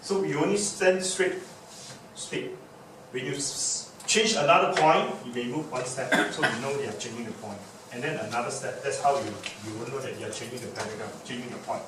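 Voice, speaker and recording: A man's voice: mid-range voice, a little fast. A man giving a public speaking workshop lecture, emphatic and demonstrative, repeating key words to drive them home. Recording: very echoey room, distant mic, background noise.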